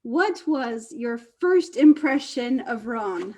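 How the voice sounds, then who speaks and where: A woman's voice: fairly high pitch, animated, slow, mellow. A woman host interviewing her guests, asking curious questions and laughing along.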